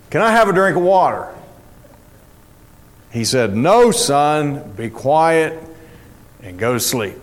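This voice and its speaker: A man preaching a sermon in a folksy, storytelling way. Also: on the high side. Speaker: pastor.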